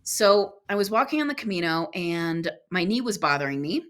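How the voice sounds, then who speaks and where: Lower-pitched woman telling a personal story. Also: normal speed. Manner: earnest, animated storytelling with quoted dialogue. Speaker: podcast guest. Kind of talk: storytelling in a podcast interview.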